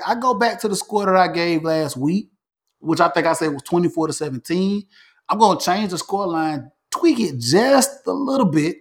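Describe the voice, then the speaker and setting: A man hosting a casual sports talk show, animated, repeating himself and restarting phrases as he makes predictions. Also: sits high. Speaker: podcast host.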